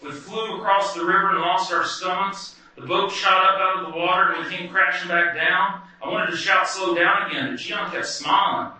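Brief: male storyteller, wry and vivid, slightly higher voice, heard from far off in a very echoey room. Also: steady tone, normal speed, hardly any pauses, pushed and bright. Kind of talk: first-person personal story. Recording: very echoey room, distant mic, music behind.

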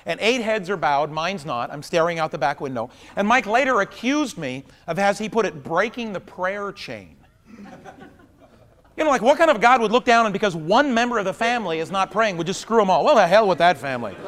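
A man in his thirties works through a stand-up routine. His voice sits high and rings with a bright edge. He tells his stories wryly, then erupts into loud, exasperated punchlines. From Pacific Northwest of the US. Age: 30s. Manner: wry storytelling, bursts into loud exasperated punchlines. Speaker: stand-up comedian. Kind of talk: stand-up monologue. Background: audience laughter.

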